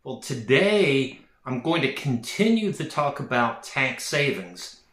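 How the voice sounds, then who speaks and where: A man who works as a real estate agent explains a topic in a measured, plain-spoken way with frequent fillers. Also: medium pitch, big pitch swings, a bit bright, roomy sound. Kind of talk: explanatory talk to camera.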